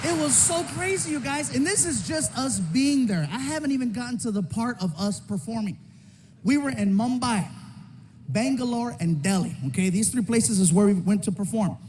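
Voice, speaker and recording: A male stand-up comedian telling a story on stage in an animated way, breaking into shouts and character voices. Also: very high-pitched, moderate pace. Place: comedy stage before a live audience. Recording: stand-up recording with audience noise.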